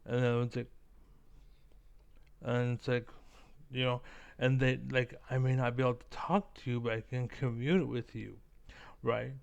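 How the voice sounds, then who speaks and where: A man's voice: mid-range voice, fairly even intonation, moderate pace, vocal fry, long pauses, clean tone, lo-fi sound. A man giving rambling, profane commentary as a vlogger reacting to clips, full of fillers. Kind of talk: casual ranting commentary.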